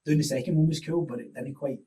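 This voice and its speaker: Mellow man, rambling. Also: on the high side, fast talker, far from the mic, poor audio. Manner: reflective, rambling storytelling. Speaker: podcast guest, fitness coach. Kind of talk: casual podcast chat.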